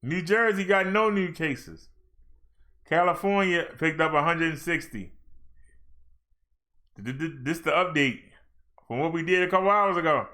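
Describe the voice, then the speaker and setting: A male minister in casual livestream chat, joking around and getting excited when he reads out numbers. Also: a little high, normal speed, pauses often. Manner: chatty, jokey, excited when reading numbers.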